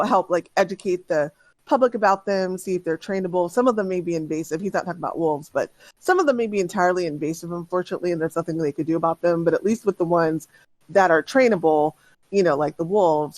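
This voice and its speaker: A woman's voice: lowish voice, quick pace, dry recording. A woman narrating as game master in a tabletop game, rambling with many restarts. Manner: rambling, lots of fillers and restarts. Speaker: dungeon master.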